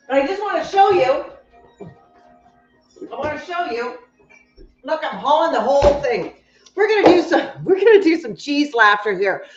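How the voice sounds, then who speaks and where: A woman with a high voice talks slowly and warmly to her live-stream viewers from her kitchen, bubbly and quick to laugh. The sound is dull and lo-fi, and it rings around an echoey kitchen. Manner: bubbly, chatty, breaks into laughter. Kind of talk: casual live-stream chat. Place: home kitchen.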